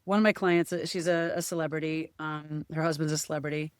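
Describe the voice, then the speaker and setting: A woman's voice: sits low, fairly even intonation, fast talker, clean tone, no echo, studio quality. A woman guest in a casual podcast chat, speaking candidly and emotionally, often quoting what others said. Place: podcast studio.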